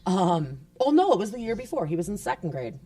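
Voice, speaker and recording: A woman's voice: medium pitch, sing-song, mellow. A woman in a casual podcast chat, chiming in and laughing, telling a short personal story. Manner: quick to chime in and laugh.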